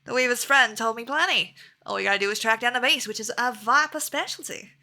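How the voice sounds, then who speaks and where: A woman's voice: fairly high pitch, a little fast, sharp tone. A woman voicing a swaggering male hunter from a video game, reading his lines in a put-on American Southern drawl with a folksy way of talking. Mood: cocky, folksy. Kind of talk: reading game dialogue aloud.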